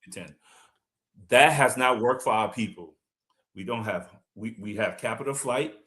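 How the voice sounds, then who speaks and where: A man's voice: fairly low pitch, normal speed, sharp tone. A man from Liberia giving fiery, combative political commentary on a live stream, speaking emphatically.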